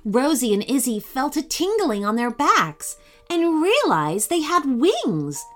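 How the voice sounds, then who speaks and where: A woman hosting a children's story podcast, reading in a bright, lilting way. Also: high-pitched, huge pitch swings, slow pace.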